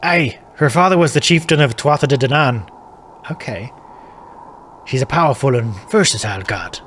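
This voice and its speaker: A man playing a gruff, wry druid, a plainspoken country man in a video game who speaks of old gods and omens with dry certainty. His voice sits at a middling pitch with a faint hiss of noise behind it. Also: expressive, normal speed, a bit bright, natural voice. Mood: ominous. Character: plainspoken middle-aged male Irish druid hotel guest.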